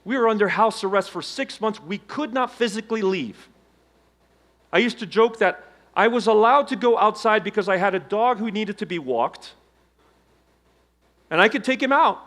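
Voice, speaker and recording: A middle-aged man giving a motivational keynote on stage, telling his story with dramatic swings between loud emphasis and hushed low tones. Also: expressive, normal speed, long pauses. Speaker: keynote speaker. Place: conference stage before a live audience.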